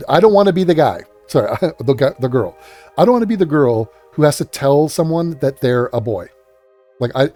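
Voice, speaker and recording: Exasperated ranting man, lively pitch. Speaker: commentary host. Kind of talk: profane reaction commentary.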